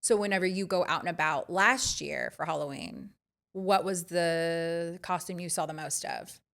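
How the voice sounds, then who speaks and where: Chatty woman, slightly low voice. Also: normal speed, gravelly, fairly bright tone. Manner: chatty, storytelling, trails off into asides. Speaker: podcast co-host; mother of young kids. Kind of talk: casual chat.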